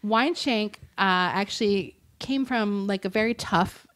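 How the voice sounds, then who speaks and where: A woman's voice: medium pitch, a little slow, a bit bright. A woman co-hosting a podcast, telling a true-crime story in a casual, chatty way with many fillers and frequent laughs. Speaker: podcast co-host.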